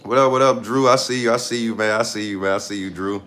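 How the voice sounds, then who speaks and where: A man's voice: lowish voice, fairly even intonation, fast talker, fairly bright tone, a little hiss or hum. Blunt, profane man ranting on a livestream. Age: 30s. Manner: blunt, profane, repeats himself for emphasis. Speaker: live streamer. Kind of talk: casual livestream rant.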